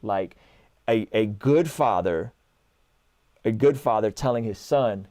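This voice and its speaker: A man's voice: lowish voice, takes it slowly, long pauses, no echo, clean studio sound. A man in his thirties telling stories in casual conversation, acting out dialogue and often adding "like" and "right?". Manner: animated storyteller, acts out dialogue, frequent "like" and "right?". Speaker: guest.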